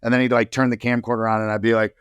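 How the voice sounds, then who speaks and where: A man's voice: medium pitch, level tone, racing, smooth, dry recording, dull audio. Rambling man telling stories on a podcast. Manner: rambling storyteller, many fillers. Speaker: podcast guest. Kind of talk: casual chat.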